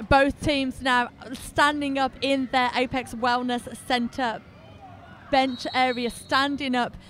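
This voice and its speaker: A woman's voice: sits high, level tone, takes it slowly, fairly bright tone. A woman commenting live on a roller derby game, chatty, giggly and self-mocking. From England.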